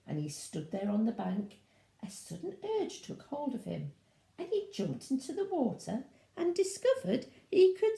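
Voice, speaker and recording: A woman's voice: on the high side, sing-song, a little slow, vocal fry, mellow. A woman reading a children's storybook aloud at home with chatty asides to her young listeners, as a teacher would. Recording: roomy echo.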